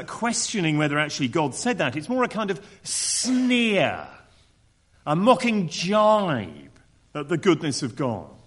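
A man's voice: a little high, a bit bright, breathy edge. A man preaching a sermon, acting out quoted voices with mocking tones.

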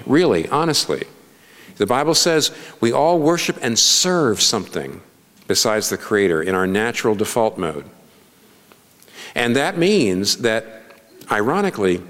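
A man's voice: fairly low pitch, fairly bright tone, in a large hall. A middle-aged man, a pastor, preaching a sermon in an earnest, conversational way, full of rhetorical questions.

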